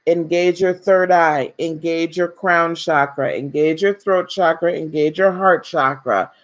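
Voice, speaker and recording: A woman hosting a live spiritual talk, speaking gently and repeating phrases for emphasis, addressing her viewers as beloved. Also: on the low side. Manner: speaks directly to viewers, calls them beloved.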